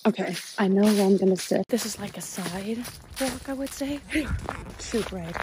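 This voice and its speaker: A woman's voice: mid-range voice, unhurried, heavy background noise. A young woman casually vlogging about a book she's reading, chatty and swearing now and then, filmed on a phone. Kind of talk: casual vlog chat. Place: outdoors in a park, then at home.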